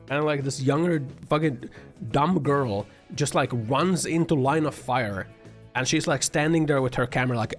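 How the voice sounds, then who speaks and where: A man's voice: medium pitch, normal speed, faint music behind. A man streaming, giving an exasperated, profanity-laden rant full of filler words and bursts of laughter. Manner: laughs often mid-sentence. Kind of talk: casual livestream commentary.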